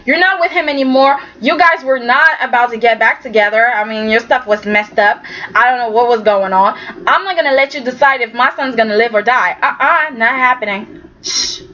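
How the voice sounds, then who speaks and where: Woman, chatty soap recapper, higher voice, slightly muffled home recording. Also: brisk, pushed and bright. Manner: chatty, retells scenes as loose quoted dialogue with many "okay?" tags. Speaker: soap opera recap vlogger. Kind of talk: casual chat recapping an episode. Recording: dull lo-fi sound with faint noise.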